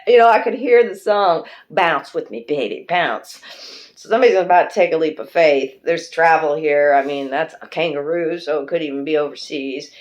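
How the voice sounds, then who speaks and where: A woman's voice: low-pitched, a little fast, few pauses, a little mellow. A woman doing a pick-a-card tarot reading, chatty and emotional, who swears freely and speaks fondly to her viewers. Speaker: tarot reader.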